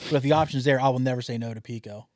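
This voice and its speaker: A man's voice: mid-range voice, rapid-fire, darkish tone, no echo, studio quality. A man co-hosting a podcast in casual, profane chat, often laughing and mimicking voices. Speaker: podcast co-host.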